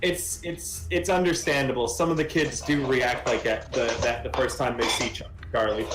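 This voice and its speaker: A man's voice: medium pitch, steady tone, moderate pace, over music, pitched below the performer's own voice, lightly acted. Man voicing a polite mom, reassuring, soothing, tabletop game, echoey room.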